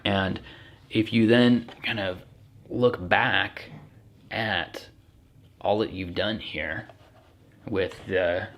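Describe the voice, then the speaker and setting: A man, a young adult, explaining a text like a teacher in a casual, relaxed way, thinking aloud as he goes. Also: lowish voice, drawn-out words, pauses often. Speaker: English teacher. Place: home.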